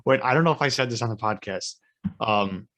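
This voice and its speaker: A man co-hosting a podcast in casual chat, his voice sitting at an ordinary middle pitch. He laughs often as he talks and stumbles over his words, restarting his sentences. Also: fairly quick, fairly bright tone. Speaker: podcast co-host.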